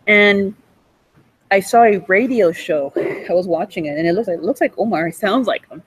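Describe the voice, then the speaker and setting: This rough recording, made in a hospital cafe, captures a woman in her forties whose mid-range, slightly rough voice moves at a moderate pace. She goes on a rambling, accusatory tirade, cursing and breaking into laughter now and then.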